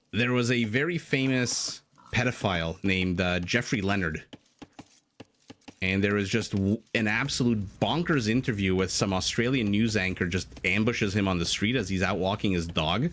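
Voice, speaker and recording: A man's voice: lowish voice, a bit bright, slight background noise. A man casting a live strategy game match, chatty and prone to rambling tangents with frequent laughs. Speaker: game caster. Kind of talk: live esports commentary.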